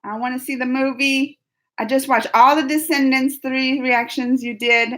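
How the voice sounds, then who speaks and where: A high-voiced woman hosts a casual live-chat vlog, speaking at normal speed as she reads out viewer comments. Her delivery is animated and playful, and she laughs a lot.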